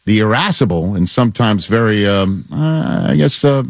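A man's voice: on the low side, expressive, moderate pace, creaky, no room sound. A man hosting a sports talk show, chatting casually, laughing easily and feeding questions to his guest. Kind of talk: casual chat.

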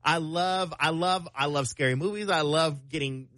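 A young man on a radio show spins an embarrassing story with self-mocking energy. His voice sits high and bright and leaps up and down as he talks. The sound is close and dry. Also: dry recording. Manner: animated, self-mocking, quick bursts. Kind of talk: casual morning-show storytelling.

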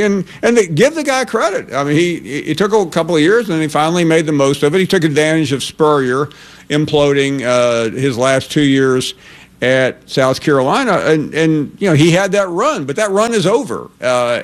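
A man's voice: a little high, lively intonation, moderate pace. A man hosting a sports talk radio show, chatting casually and taking calls. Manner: conversational, hesitant with fillers. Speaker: host.

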